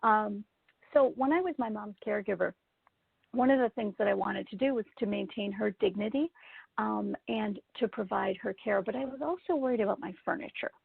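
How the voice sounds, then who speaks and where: Gravelly woman on a tinny line. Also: medium pitch, brisk, dry recording. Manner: personal anecdote told with asides to listeners. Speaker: speaker for event professionals. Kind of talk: storytelling talk. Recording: tinny phone-like dry sound.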